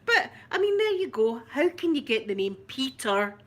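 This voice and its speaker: A woman's voice: high-pitched, big pitch swings, moderate pace, slight background noise. A middle-aged woman with a Scottish accent, chatting casually and laughing with live viewers as she hosts a stream. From Scotland. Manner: chatty, rambling, laughs often. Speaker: ASMR livestream host.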